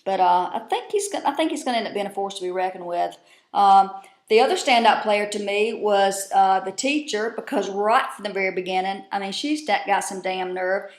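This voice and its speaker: A woman's voice: medium pitch, echoey room. A woman casually recapping a TV episode, salty and profane, with drawling asides, at home. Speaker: vlogger recapping a TV show.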